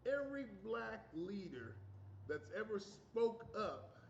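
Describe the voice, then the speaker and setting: A man's voice: sits high, sing-song, slow pace, vocal fry, a little hiss or hum. A man hosting a livestream, delivering an angry, profane, emphatic rant. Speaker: livestream host. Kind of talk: heated opinion rant. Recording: roomy, dull sound.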